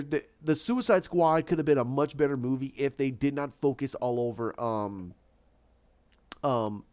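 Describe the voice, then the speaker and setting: A man talks through his opinions in a loose, rambling way, restarting his sentences as he goes. His voice sits a little high for a man. The recording sounds dull and lo-fi. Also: smooth. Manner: rambling, with frequent restarts and acted quotes. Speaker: video host giving opinions. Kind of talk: casual opinion commentary.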